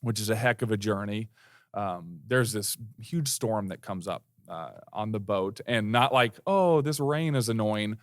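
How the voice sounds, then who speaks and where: A man's voice: on the low side, measured pace, a bit bright, dry recording, clean studio sound. Man co-preaching in casual banter. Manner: joking, casual storytelling. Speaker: pastor. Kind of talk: conversational co-hosted sermon. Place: church stage.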